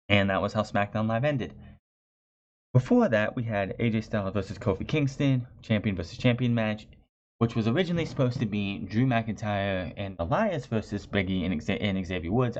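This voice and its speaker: A man reviewing a wrestling show in a chatty, sarcastic way, often restarting his phrases. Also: on the low side. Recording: dull lo-fi recording.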